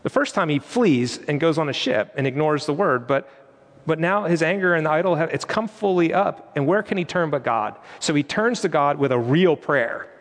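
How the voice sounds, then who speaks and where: A man's voice: on the high side, animated, normal speed, big-room sound. A man preaching a sermon in an earnest, conversational way, now and then quoting prayers aloud. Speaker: pastor.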